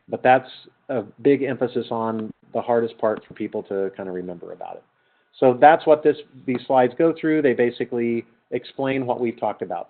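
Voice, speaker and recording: A middle-aged man giving a conversational university lecture, quizzing his students with questions and then answering them himself. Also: medium pitch. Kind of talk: classroom lecture. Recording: tinny lo-fi lecture capture.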